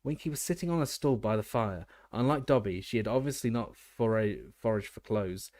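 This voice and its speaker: A man narrating an audiobook in a steady reading voice, now and then restarting a word. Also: lowish voice, brisk, no echo, studio quality. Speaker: audiobook reader.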